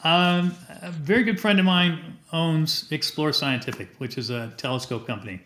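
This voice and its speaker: A man's voice: fairly high pitch, normal speed. A middle-aged man, a teacher and astronomer, telling heartfelt stories as a guest in a podcast interview. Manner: animated, heartfelt storyteller. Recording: roomy echo with faint noise.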